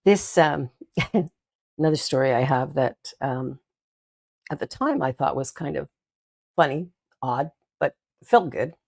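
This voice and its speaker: Low-voiced older woman minister. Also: expressive, slow pace, gravelly, pauses often, slightly rough. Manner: warm storytelling with giggles and asides. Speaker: minister and show host. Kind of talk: inspirational talk.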